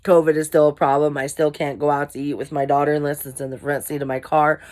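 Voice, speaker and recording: A young woman with a low voice talks candidly to her camera. She rambles, corrects herself and pokes fun at her own failings in a loose, chatty vlog style. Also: flat delivery, quick pace, darkish tone. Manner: candid, rambling, self-deprecating. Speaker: vlogger. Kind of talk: casual talk to camera.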